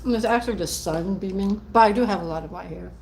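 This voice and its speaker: A woman's voice: medium pitch, quick pace, gravelly, a little mellow, a little hiss or hum. A middle-aged woman hosting a casual livestream over lunch, reading out viewer comments with lots of fillers. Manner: chatty, reads out viewer comments, many fillers. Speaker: livestream host. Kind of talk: casual live chat while eating lunch.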